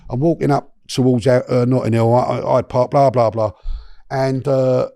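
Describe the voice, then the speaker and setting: A middle-aged man, telling a long personal story in a chatty, animated way as a podcast guest. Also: medium pitch, normal speed, gravelly, dry recording, studio quality. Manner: animated, chatty, lots of restarts and slang.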